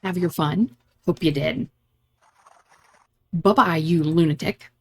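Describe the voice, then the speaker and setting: A woman's voice: lowish voice, slow, a little mellow. Woman dramatically reading game dialogue. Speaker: gaming channel host. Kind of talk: reading game dialogue aloud in a let's-play.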